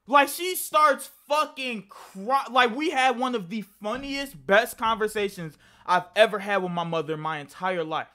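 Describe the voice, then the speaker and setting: Bright-voiced young man telling a story. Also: high voice, normal speed, hardly any pauses. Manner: rambling and profane, with frequent restarts. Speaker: vlogger. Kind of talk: casual storytime.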